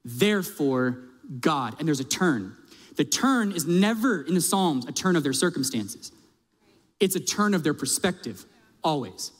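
A man's voice: a little high, lively intonation, unhurried. A male pastor preaching a sermon in a conversational, emphatic way, asking his audience direct questions. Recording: long reverb of a large hall.

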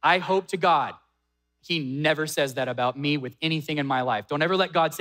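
A man preaching a sermon, retelling a scripture story with dramatic pauses and acted-out quotes. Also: fairly high pitch, bright, forceful tone. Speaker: pastor.

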